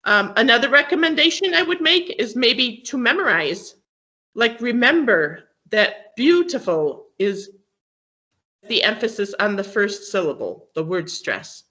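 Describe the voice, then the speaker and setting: A woman's voice: on the high side, big pitch swings, a little slow, bright, forceful tone, lo-fi sound. A woman teaching an English class, explaining patiently with many fillers and frequent checks for understanding. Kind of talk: classroom lesson on word stress.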